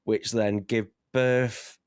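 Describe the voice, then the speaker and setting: A young man chatting casually on a podcast, animated, laughing often and swearing freely. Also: fairly low pitch, drawn-out words, smooth, no room sound, clean studio sound. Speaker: vtuber guest.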